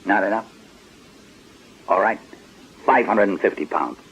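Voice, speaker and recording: An actor playing a shrewd male detective sergeant in a radio drama, speaking smoothly and unhurriedly with polite mockery. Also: on the low side, a little slow, fairly bright tone, slight background noise. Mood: coaxing. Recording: dull lo-fi archive radio recording.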